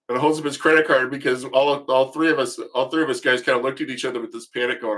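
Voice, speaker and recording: A man's voice: mid-range voice, steady tone, fast, hardly any pauses, sharp tone. A man hosting a casual livestream, telling rambling, joking, profane stories. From United States. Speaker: livestream host.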